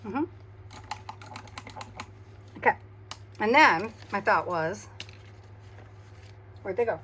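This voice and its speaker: Woman crafting and chatting to herself, kinda quiet and tired, lots of little hums, faint hiss behind. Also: mid-range voice, expressive, drawn-out words. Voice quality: hums and murmurs to herself while working. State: quiet, tired after migraine. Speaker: craft video host.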